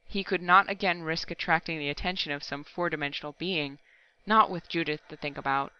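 Brief: woman narrator, measured storytelling, smooth crisp voice, slightly muffled home recording. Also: low-pitched, sharp tone, no echo. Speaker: audiobook narrator. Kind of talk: scripted narration.

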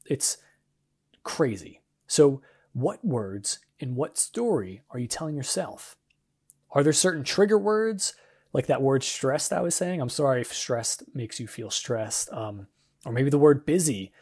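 Casting note: young adult male podcast host, mid-pitched, earnest and encouraging devotional chat. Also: lively intonation, a little slow, a little mellow, husky. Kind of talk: casual devotional podcast monologue.

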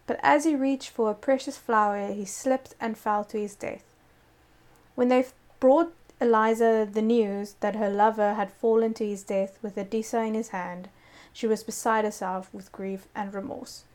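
A woman's voice: mid-range voice, steady tone, moderate pace, darkish tone. Woman telling a ghost tale. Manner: reads a story with laughing asides. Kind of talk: casual storytelling chat.

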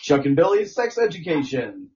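A man's voice: a little high, sing-song, normal speed, darkish tone, highs cut off. A man co-hosting a podcast, laughing as he lists crude ideas in casual banter. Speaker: podcast co-host.

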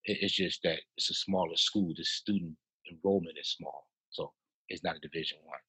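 A man in his fifties from Chicago, a house music producer telling stories as a podcast guest in a lively way, with frequent laughs and restarts. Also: deep voice, normal speed, husky, no echo, poor audio. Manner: animated, laughs often, repeats and restarts. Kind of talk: casual storytelling in a podcast interview.

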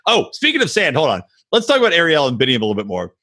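Man, casual podcast chat, husky, bright, laughs a lot, acts out quotes. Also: on the high side, wildly swooping pitch, racing. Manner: laughs often, acts out quotes in silly voices. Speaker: podcast co-host.

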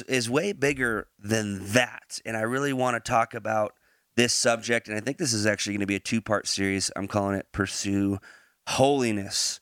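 A lower-pitched man hosts a podcast and eases from casual chat into a Bible teaching. He talks in a relaxed way, laughs readily and pauses on fillers and restarts. The sound is dry and close, with no room echo. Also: smooth.

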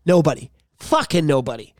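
A man with a somewhat high voice talks casually on a podcast, cursing often and breaking into little character impressions. The sound is dry and close, with no room around him. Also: big pitch swings, a little fast, dry recording. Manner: swears freely, impersonates characters. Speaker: podcast co-host. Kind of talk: casual chat.

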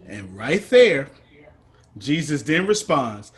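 A man's voice: medium pitch, very animated, measured pace. A man teaching a study group over a video call, preachy and emphatic in a folksy way.

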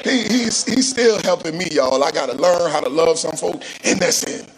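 A male pastor preaching a sermon, calling on the congregation to repeat phrases and rising into shouts with a sing-song cadence. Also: on the high side, animated, normal speed, slight background noise, low-quality recording.

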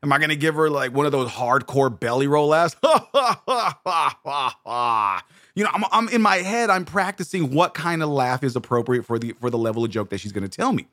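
A man telling a comedic story in a rambling, animated way, often restarting his sentences. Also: mid-range voice, fast, few pauses, no room sound, studio quality. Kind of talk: comedic monologue.

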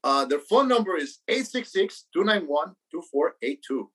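A man's voice: on the high side, big pitch swings, moderate pace, a bit bright, poor audio. A man co-hosting a casual beer podcast, rambling, swearing a lot, repeating words and calling people bro and man. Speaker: podcast co-host. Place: New York.

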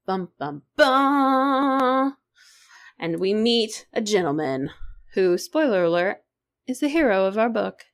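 A woman's voice: medium pitch, normal speed. A woman with a sore throat co-hosting a casual book chat, joking and swearing as she sums up the story. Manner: animated, swears casually, jokey asides. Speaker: podcast co-host.

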